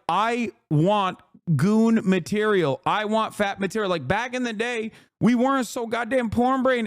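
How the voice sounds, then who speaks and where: A man streamer giving casual reaction commentary in an animated, profane, mocking rant. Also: high voice, no room sound, clean studio sound.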